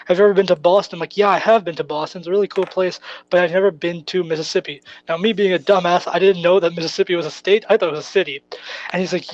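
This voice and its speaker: A man's voice: high-pitched, fairly even intonation, fast talker, highs cut off. A young man from Canada co-hosting a podcast, chatting casually and telling a rambling, swear-filled story. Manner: rambling, swears often, laughs through stories. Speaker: podcast co-host.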